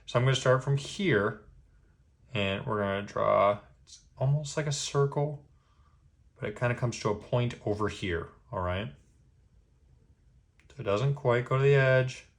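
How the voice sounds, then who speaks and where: A man giving a step-by-step drawing lesson, patient and easygoing, checking in with a quick "okay?" after each step. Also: medium pitch. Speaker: drawing instructor.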